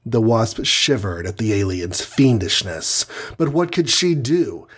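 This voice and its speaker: Husky man narrating a dramatic story. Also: mid-range voice. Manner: vivid, dramatic delivery.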